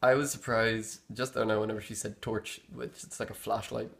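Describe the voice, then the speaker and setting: A man's voice: on the low side, level tone, normal speed, creaky, a bit bright. A young man with a Northern Irish accent, explaining local slang in a rambling, easygoing way as he searches for words. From Northern Ireland. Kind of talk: casual explanation.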